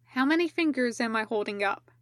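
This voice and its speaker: A woman reading a brisk, caring female medic who asks clinical questions patiently. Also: on the high side, lively intonation, no room sound, studio quality, lightly acted.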